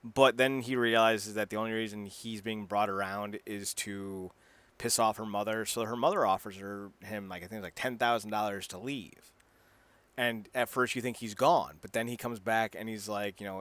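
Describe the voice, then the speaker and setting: A man co-hosting a podcast, chatting casually and rambling with lively energy, laughing at his own jokes. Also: on the low side, moderate pace, clean tone, dry recording. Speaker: podcast co-host. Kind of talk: casual chat.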